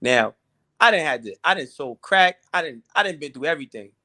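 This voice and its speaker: A man's voice: fairly high pitch, lively intonation, bright, forceful tone. A man telling a personal story in casual, profane talk, often repeating himself. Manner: profane, halting, repeats words. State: teary. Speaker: guest.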